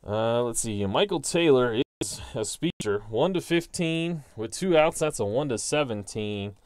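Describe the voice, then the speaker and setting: A man calls a tabletop baseball game play by play at a slow, deliberate pace, reading out each dice result before narrating the action like a broadcaster. His voice sits at an ordinary pitch and sounds close and dry, with no room around it. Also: lively intonation, no room sound. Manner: reads dice results aloud, then calls them like a broadcaster; self-deprecating asides. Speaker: host.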